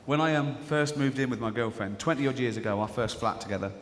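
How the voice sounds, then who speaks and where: Guy doing standup in a big echoey theatre, chatty storyteller, mid-pitched, faint audience hum behind. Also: fast talker. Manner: chatty storytelling, acts out voices of people in anecdotes. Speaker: stand-up comedian. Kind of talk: live stand-up comedy. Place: large theatre stage. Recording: live hall reverb with faint audience ambience.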